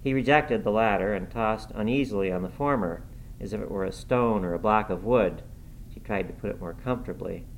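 A man narrating a classic novel aloud in a measured, even reading voice. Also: lowish voice, a little hiss or hum, low-quality recording. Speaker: audiobook narrator. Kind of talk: audiobook reading.

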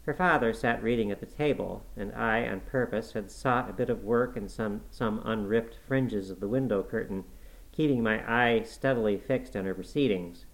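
A man narrating a classic novel in a measured, expressive storytelling manner. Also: on the low side, creaky, low-quality recording. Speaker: audiobook reader.

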